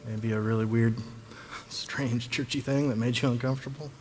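A man leading a church service as pastor, relaxed and joking as he invites people up. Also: mid-range voice, moderate pace, faint music behind. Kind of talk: sermon. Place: large church hall. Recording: reverberant hall, faint ambience.

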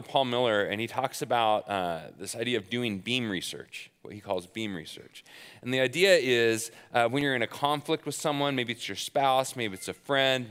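A man's voice: medium pitch, fairly bright tone, clear, resonant tone. Man preaching in a reverberant hall. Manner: conversational storytelling with self-deprecating humor. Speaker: pastor. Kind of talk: sermon.

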